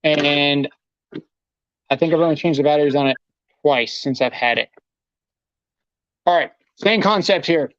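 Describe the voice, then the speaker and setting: A man's voice: fairly high pitch, a little slow, long pauses, dry recording. A man hosting a live tool demonstration, talking casually while he handles his gear. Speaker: host demonstrating tools. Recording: dull lo-fi livestream audio.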